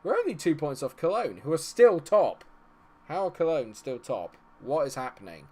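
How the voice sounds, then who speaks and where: A man giving live commentary on a football management game, chatting with viewers and reacting loudly to the match. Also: a little high, very animated, moderate pace, breathy edge. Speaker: streamer.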